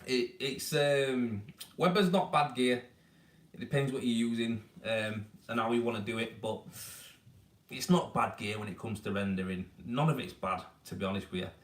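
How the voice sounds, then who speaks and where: On a live stream, a man from Yorkshire, England rambles in a relaxed, matey way about his rendering work. His mid-range voice keeps a fairly even intonation at normal speed, recorded with a distant mic in an echoey room.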